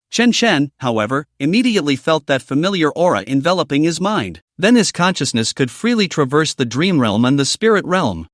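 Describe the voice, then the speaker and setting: A man's voice: fairly high pitch, no echo, studio quality. A man narrating a fantasy comic recap in a scripted storytelling style.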